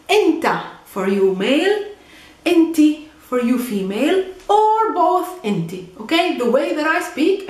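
Palestinian woman teaching arabic, high voice, keeps saying okay?, echoey room. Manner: chatty, checks in with frequent "okay?" and "mm?". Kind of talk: casual language lesson.

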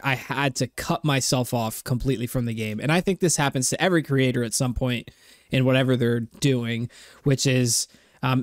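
A young man in his twenties speaks candidly to his viewers, thinking out loud in a reflective, rambling way with plenty of fillers and soft laughs. His voice sits at an ordinary middle pitch and is recorded dry and close, with no room echo. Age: 20s. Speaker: content creator. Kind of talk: candid personal vlog talk.

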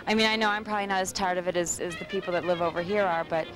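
Woman co-host chatting on location, dry humor, a bit halting, faint music underneath. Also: on the low side, steady tone, low-quality recording. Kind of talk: casual on-location talk show.

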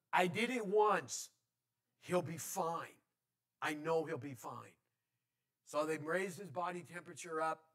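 A man's voice: on the high side, creaky, a bit bright. A male pastor telling a personal story in a conversational sermon, with many restarts. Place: church.

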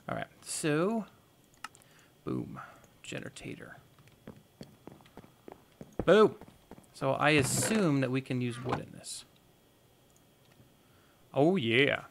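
A man's voice: on the high side, sing-song, takes it slowly, vocal fry, pauses often. A man hosting a gaming video, giving casual let's-play commentary and thinking aloud with playful, goofy exclamations.

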